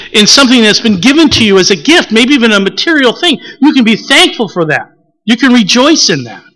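An older man preaching a sermon, telling the story with animated acted-out quotes before teaching on the text. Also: very high voice, low-quality recording. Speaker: pastor.

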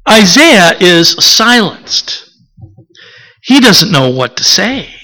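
A male preacher with a high voice works through a sermon at an unhurried pace, reflective and steady. His tone is bright and forward, and he often stops to put rhetorical questions to the congregation. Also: low-quality recording.

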